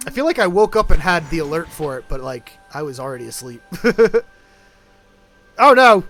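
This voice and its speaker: Casual streamer, lively sing-song delivery, headset, chats between reading lines. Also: mid-range voice, quick pace, soft background music. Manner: reads game dialogue aloud, chatty asides. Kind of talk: casual game commentary.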